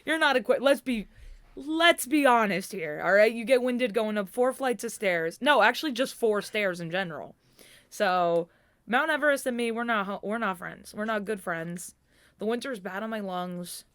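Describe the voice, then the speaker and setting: A woman's voice: medium pitch, expressive, moderate pace, fairly bright tone, no echo. A young woman from New Jersey co-hosting a casual comedy chat, playful and self-deprecating. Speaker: podcast co-host.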